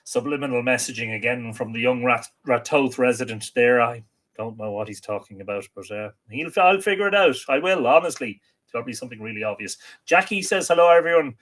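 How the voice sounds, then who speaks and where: A man at a desk mic, hosting a casual livestream from home. His pitch sits in the middle of the male range. He talks in a chatty, welcoming way as he reads out comments and greets viewers. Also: lively intonation, fairly quick, fairly bright tone. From Ireland. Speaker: livestream host.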